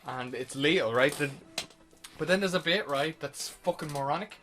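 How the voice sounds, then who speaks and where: A man's voice: fairly high pitch, normal speed, a bit bright. Sweary man rambling through a film recap. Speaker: podcast host. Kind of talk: casual film review chat.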